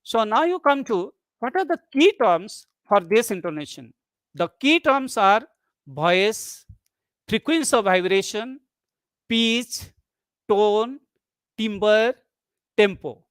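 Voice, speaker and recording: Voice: mid-range voice, animated, slow, pauses often, clean tone, no room sound. A lecturer giving an academic online talk, explaining methodically, often repeating and rephrasing points, with occasional restarts. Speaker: webinar lecturer.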